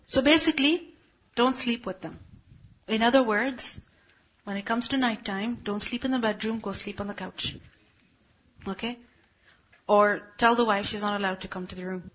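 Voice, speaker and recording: A woman gives a religious lecture, explaining point by point and asking rhetorical questions. Her voice sits fairly high and sounds husky. The recording is dull and lo-fi. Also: normal speed, a bit bright. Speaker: religious teacher.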